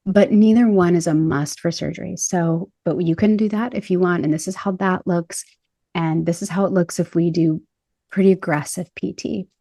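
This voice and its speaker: A woman's voice: on the low side, steady tone, normal speed, creaky, mellow, no echo, studio quality. A woman in a casual podcast conversation who talks animatedly, laughs often and acts out what people said. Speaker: podcast host and body image coach.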